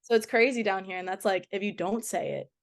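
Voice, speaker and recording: A young woman with a light Boston accent chats easily as a podcast guest. Her voice sits at an ordinary middle pitch, and she talks in a casual way full of fillers and quick laughs. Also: steady tone. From Boston area. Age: young adult. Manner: chatty, laughs often, many fillers. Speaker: guest, college soccer goalkeeper. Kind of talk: casual interview chat.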